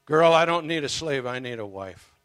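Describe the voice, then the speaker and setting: A man's voice: medium pitch, lively intonation, moderate pace, fairly bright tone, no echo, close to an everyday voice. A man voicing a grieving, devoted husband and prophet in a retold story, speaking tenderly and pleadingly.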